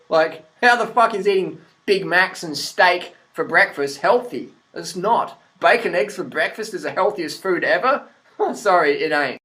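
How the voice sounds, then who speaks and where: A man's voice: sits high, lively intonation, unhurried, bright, forceful tone, low-quality recording. An Australian man from Adelaide giving a blunt, sarcastic, swearing vlog rant, laughing often. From Adelaide, South Australia. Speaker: vlogger. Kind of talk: profane rant-style commentary.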